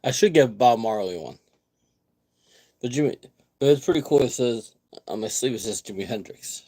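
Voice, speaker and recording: A man's voice: medium pitch, lively intonation, normal speed, dark tone, husky. A man hosting his own vlog, rambling casually, repeating words and restarting his sentences. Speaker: vlogger host.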